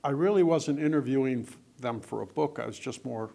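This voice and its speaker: A man's voice: mid-range voice, a little fast, gravelly, dark tone. An older man, an author, chatting and telling anecdotes with lots of quoted dialogue. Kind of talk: casual storytelling in conversation.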